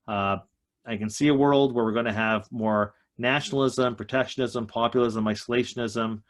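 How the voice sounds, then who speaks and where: A man's voice: mid-range voice, fairly even intonation, moderate pace. A man giving an emphatic economic talk to a group over a video call, slightly out of breath. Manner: emphatic, stresses key points. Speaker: economist guest speaker.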